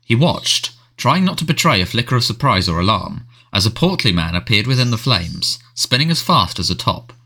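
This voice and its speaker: A man narrates a storybook in a measured, expressive way. His voice sits low but moves a lot in pitch. The tone is bright and forward. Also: slightly rough. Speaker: audiobook narrator.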